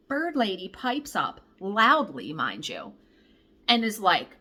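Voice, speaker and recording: Casual woman telling a crazy story to her camera, swears a lot, bright voice bouncing all over. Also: mid-range voice, slow pace, slightly rough. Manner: animated, profane, exasperated storyteller. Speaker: cross-stitch vlogger.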